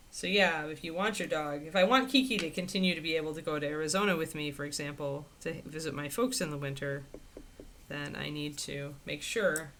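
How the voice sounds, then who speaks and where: A woman hosting a livestream, chatting casually and answering viewers' questions in a rambling, animated way with frequent laughter. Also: vocal fry, slight background noise. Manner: animated, swinging pitch into playful quoted voices. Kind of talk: casual chat.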